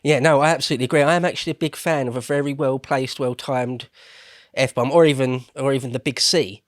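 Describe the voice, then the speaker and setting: A man's voice: mid-range voice, fairly even intonation, brisk, no room sound. Interviewer, male, London-Essex accent, chatty and easygoing, dry close sound. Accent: London and Essex English. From England. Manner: chatty, laughs easily, trailing asides. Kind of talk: casual interview chat.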